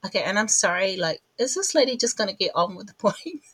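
A woman hosting a podcast in a casual, rambling chat, a little out of breath and quick to laugh at herself. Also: mid-range voice, sing-song, a bit bright, slightly rough, no room sound, poor audio. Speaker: podcast host.

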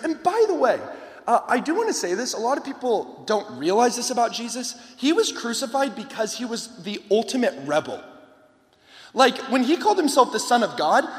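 A man giving an energetic youth camp sermon to a lively crowd, shouting at times and joking between points. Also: extremely high pitch. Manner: animated, shouting to a rowdy crowd, playful asides. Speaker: camp guest speaker. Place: large hall with a live audience. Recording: long hall reverb.

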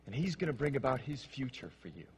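A male pastor preaching a sermon with passion, dropping to hushed, slow phrases and then rising to emphatic ones. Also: mid-range voice, very animated, slight background noise. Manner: impassioned, swings between hushed and emphatic.

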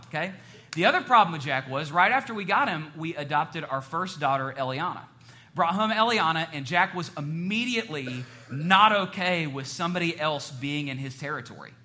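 A middle-aged man preaching a sermon as a pastor, telling stories in an animated way and joking with the audience. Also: a little high, normal speed.

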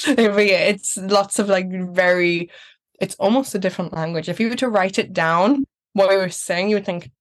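A woman's voice: fairly low pitch, fairly even intonation, normal speed. A young woman from Newcastle with a mild Geordie accent, a guest chatting in a friendly way and laughing easily. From Newcastle, England. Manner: friendly, laughs easily, acts out quoted voices. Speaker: pageant finalist guest. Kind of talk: casual interview chat.

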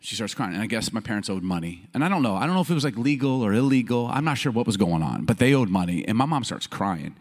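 A man from Chicago and Baltimore delivers a sermon like a personal story, his voice rising and falling widely. He laughs often and pushes into loud bursts at the funny turns. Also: on the low side, very animated, fast, few pauses. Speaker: pastor.

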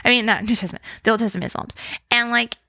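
A woman's voice: a little high, steady tone, quick pace, bright, forceful tone, no room sound. Chatty woman, dry close sound. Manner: chatty, heavy use of "like", laughs easily. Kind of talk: casual faith chat.

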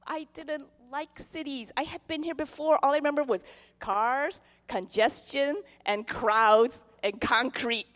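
A middle-aged woman pastor giving a testimony sermon, telling her story in an animated way and acting out the voices in it. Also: high-pitched. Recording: long hall reverb.

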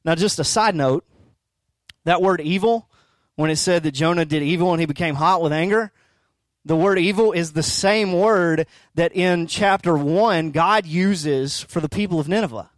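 Male pastor, high-pitched, emphatic, conversational sermon, dry close sound. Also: moderate pace, no echo. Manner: conversational, emphatic, rhetorical questions.

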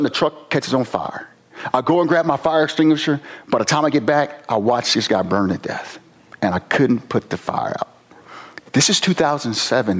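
A man from Virginia, a former police officer, giving an earnest, emotional personal testimony with slow pauses. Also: mid-range voice, slightly rough. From Virginia, USA.

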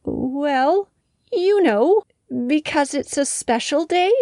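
A woman's voice: expressive, takes it slowly, a little mellow, no echo, studio quality. A woman doing a chirpy little storybook hen. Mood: hopeful. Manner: high, chirpy and hopeful. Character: sweet young hen hoping for a birthday.

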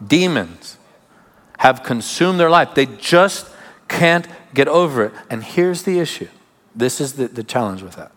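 A man preaching a sermon as pastor, emphatic, with sudden drops to quiet asides. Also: medium pitch, animated, a little slow. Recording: long hall reverb.

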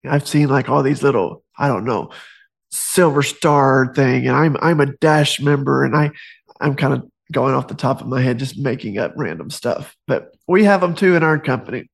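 A man's voice: mid-range voice, moderate pace, gravelly, slightly rough. A man giving a casual faith talk, conversational and digressive, reading passages from his own book with joking asides. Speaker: Christian author and speaker.

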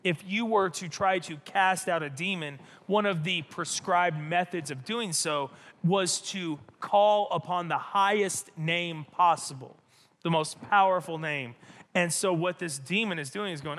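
An animated male pastor preaches in a high, bright, forceful voice. He is emphatic and often repeats himself, and his words ring with a long reverb through a large hall. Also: measured pace. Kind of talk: sermon.

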